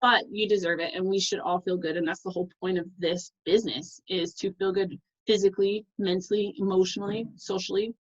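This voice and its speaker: A woman's voice: medium pitch, fairly even intonation, highs cut off. Effusive woman leading a team call. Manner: fast, effusive, self-interrupting. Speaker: team leader on a coaching call. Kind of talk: casual motivational team call.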